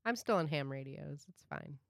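A woman co-hosting a casual comedy podcast from a home office, playful and quick to giggle. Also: deep voice, animated, vocal fry, dry recording, studio quality. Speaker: podcast co-host and producer.

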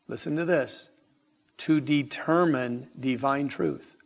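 A man delivers an evening sermon in a church sanctuary, pressing his points with rhetorical questions. His voice sits somewhat high and he speaks at a very slow, deliberate pace. A long reverb from the hall trails every phrase. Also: animated. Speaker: preacher.

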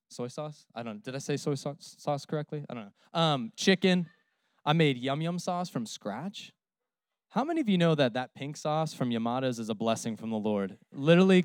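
A man's voice: medium pitch, smooth, no room sound, studio quality. A man in his thirties, a pastor, preaching a sermon in a conversational, humorous storytelling way.

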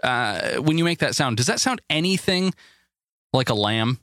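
A man's voice: medium pitch, animated, moderate pace, fairly bright tone. A man co-hosting a morning show in casual chat, playful and teasing with rambling asides.

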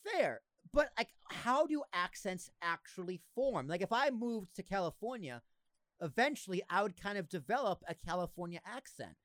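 A man with a Boston accent chats on his podcast in a high voice that swings up and down a lot, animated and joking. The sound is close and dry, with no room echo. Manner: animated, joking, quick to laugh. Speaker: podcast host. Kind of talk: casual podcast chat.

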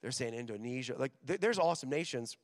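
A young man preaching to students, energetic and joking, acting out voices in his stories. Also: medium pitch, fast. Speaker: missions director speaking at a school chapel. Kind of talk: sermon. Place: large hall with an audience. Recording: long hall reverb.

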